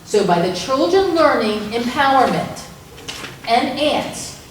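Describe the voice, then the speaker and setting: A woman's voice: high voice, very animated, takes it slowly, slight background noise. A woman leading a parent information night, talking earnestly and rambling with restarts. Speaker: program leader. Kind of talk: presentation to parents. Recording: echoey room from far off.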